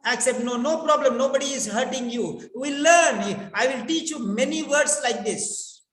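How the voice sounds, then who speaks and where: A man with a high voice teaches English pronunciation to a small online class. He repeats his key phrases and coaxes the students to answer. His voice rings with long reverb in an echoey room. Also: fairly bright tone. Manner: repeats words and phrases, coaxing students to respond. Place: in his village.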